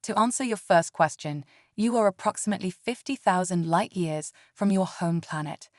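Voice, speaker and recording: A courteous tree-like alien professor speaks with a melodious, formal cadence, as a woman narrator reads him in her low voice. The delivery is measured, and the sound is dry and close. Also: dry recording, lightly acted. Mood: thoughtful. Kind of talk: scripted narration.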